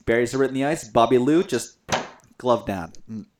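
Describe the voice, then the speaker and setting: A young man in a casual hockey chat, excitable and animated, laughing often and speaking with many fillers. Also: medium pitch, a little fast, a little hiss or hum. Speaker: podcast co-host.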